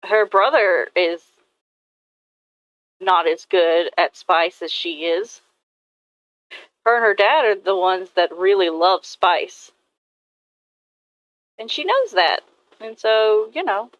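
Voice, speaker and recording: A woman's voice: mid-range voice, expressive, slow, long pauses, dry recording, lo-fi sound. A woman artist chatting casually and rambling about her characters, swearing now and then. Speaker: artist vlogger. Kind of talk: casual chat while drawing.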